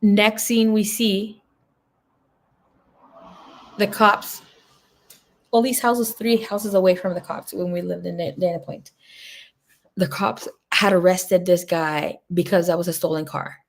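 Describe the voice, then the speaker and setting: A woman's voice: on the low side, steady tone, a little slow, pauses often. A woman giving a casual livestream tarot reading, talking bluntly and swearing freely as she tells stories. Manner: blunt, profane, chatty storytelling. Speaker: tarot reader.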